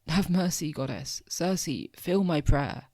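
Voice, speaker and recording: A man's voice: fairly high pitch, expressive, slow, a little mellow, no echo. A young man reading the part of an enchanted elephant who was once a king, pleading in solemn verse.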